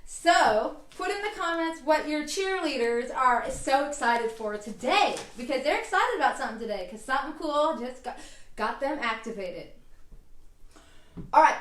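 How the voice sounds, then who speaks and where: A woman's voice: high-pitched, expressive, measured pace. A woman hosting a self-help vlog, giving casual, enthusiastic advice in a chatty manner. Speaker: herbalist vlog host. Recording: roomy, distant mic.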